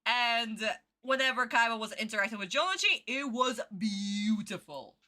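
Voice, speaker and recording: Young woman reacting to an anime ep on stream, super lively voice going up and down, bright and sharp, opinionated. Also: fairly high pitch, moderate pace. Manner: animated, opinionated, emphatic with repetition. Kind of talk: casual reaction chat.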